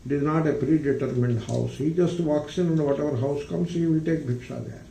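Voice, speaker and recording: A man, a spiritual teacher, giving a philosophy discourse in a deliberate, emphatic way, with rhetorical questions. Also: a little high, vocal fry, mellow, a little hiss or hum. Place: retreat ranch hall. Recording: roomy, distant mic, faint ambience.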